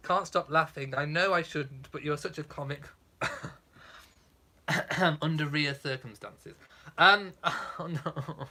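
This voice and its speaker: A man's voice: on the high side, a little slow, pushed and bright. A man hosting a casual live chat, reading out viewer comments in a camp, theatrical, self-mocking way.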